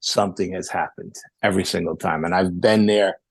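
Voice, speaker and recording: A man, a podcast guest telling a rambling, animated story full of quoted dialogue. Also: sits low, brisk, vocal fry, husky, no room sound. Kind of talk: casual storytelling.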